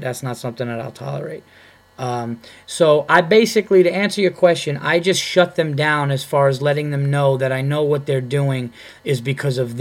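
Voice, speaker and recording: A man who is a comedian and podcast host, telling a story in a blunt, profane, heated way. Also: mid-range voice. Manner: blunt and profane, heated when retelling a fight.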